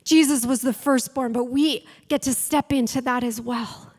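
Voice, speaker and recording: Woman preaching, high voice, hall echo, acts out the story bits. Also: steady tone, normal speed, a little mellow. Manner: storytelling, acts out quotes, rises to fiery challenges. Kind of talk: sermon. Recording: long hall reverb.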